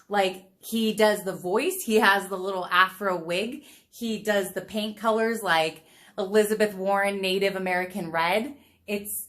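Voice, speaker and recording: With a medium-pitched, fairly bright voice, a woman chats casually with viewers as she paints live. She streams from a room at home, not a studio, sounding bubbly and laughing often.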